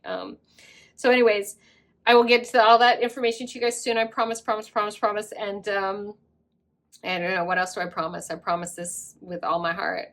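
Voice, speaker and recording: A woman's voice: lowish voice, a bit bright. A woman giving a casual pick-a-card tarot reading, effusive and rambling, with many fillers. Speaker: tarot reader.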